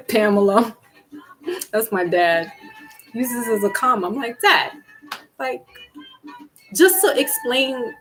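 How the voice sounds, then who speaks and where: A woman's voice: on the high side, slow pace, long pauses, a bit bright, soft background music, low-quality recording. A middle-aged woman hosting a casual livestream chat, laughing often and acting out quotes in her stories. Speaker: livestream host. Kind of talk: casual chat with live viewers.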